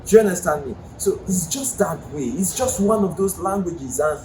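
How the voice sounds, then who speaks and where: In this casual video lesson, the Nigerian-accented man speaks at a normal speed in a high-pitched voice with lively intonation. He explains the language in a chatty way and puts questions to the viewer, with the echoey room carrying faint ambient noise.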